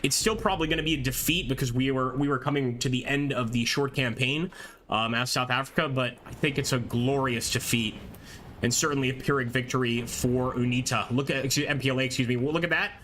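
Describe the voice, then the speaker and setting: Male streamer from the US, bright tone, chatty live game commentary, faint noise behind. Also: medium pitch, fairly quick. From American. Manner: excited, chatty, laughs often, reads chat aloud. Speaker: gameplay streamer.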